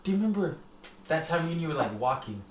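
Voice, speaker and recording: Young male co-host, slightly high-pitched, laughs a lot, echoey room. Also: big pitch swings, fast. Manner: laughing, profane, slangy. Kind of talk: casual storytelling chat. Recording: echoey room with faint noise.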